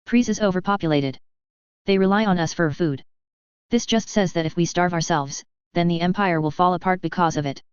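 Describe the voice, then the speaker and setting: A woman's voice: lowish voice, a little fast, clean tone, no echo, natural voice. A woman reading a scathing female strategist. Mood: indignant. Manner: scathing and snappish. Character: scornful, sharp-tongued woman strategist. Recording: dry, slightly muffled recording.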